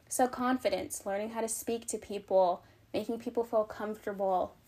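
A woman's voice: medium pitch, mellow. A young adult woman vlogging casual advice, chatty and frank, out of breath. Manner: chatty, frank, filler-heavy.

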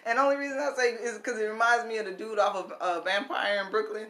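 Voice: medium pitch, fast talker, slight background noise. A host in casual conversation, talking expressively and often saying "look" and "baby.". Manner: expressive, animated, says "baby" and "look" a lot. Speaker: show host. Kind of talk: casual chat.

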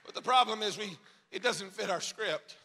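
A man preaching a revival sermon as pastor, shouting in a sung cadence at the peaks and dropping low and quiet in between. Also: normal speed, slight background noise. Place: church sanctuary. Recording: long reverb of a large hall.

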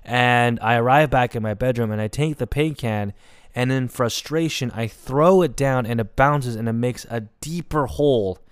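A young man talks alone into the mic, spilling a personal story in an emotional, meandering way, full of fillers. His voice is smooth and resonant, sitting at an average pitch. The sound is close and dry. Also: moderate pace, no room sound. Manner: emotional, rambling, many "like" fillers. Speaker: podcast host. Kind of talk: confessional solo storytelling.

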